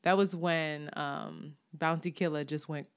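A woman co-host spins stories with lots of laughter in a relaxed, casual chat. Her voice sits on the low side. The recording is dry, with no room sound. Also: measured pace, clean tone, dry recording. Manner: animated storytelling, laughs often. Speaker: podcast co-host.

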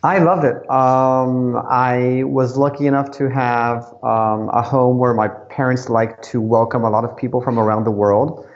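A man with a French accent answers interview questions in a friendly, thoughtful way, often pausing to find words. His pitch is ordinary. The sound is a little dull and lo-fi, as if over a remote line. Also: fairly even intonation. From France, Paris suburbs. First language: English and French. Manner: thoughtful, friendly, many ums. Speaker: guest, company CEO. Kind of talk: casual podcast interview.

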